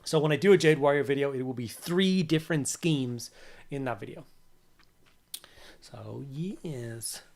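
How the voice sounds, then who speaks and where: A man's voice: mid-range voice, measured pace, vocal fry, pauses often, darkish tone. A man hosting a casual livestream, chatting with viewers while he builds models and greeting them with repeated hellos. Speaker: livestream host.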